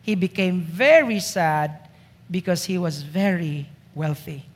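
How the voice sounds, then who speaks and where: Slow-preaching man in an echoing hall. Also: high voice. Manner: emphatic, repeats points with rhetorical questions. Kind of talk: sermon. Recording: long reverb of a hall.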